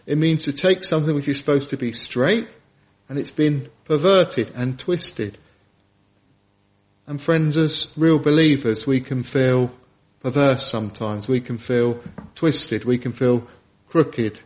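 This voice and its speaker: A man's voice: a little high, highs cut off. A man preaching an evening sermon, earnest and emphatic, piling up lists and quoting scripture.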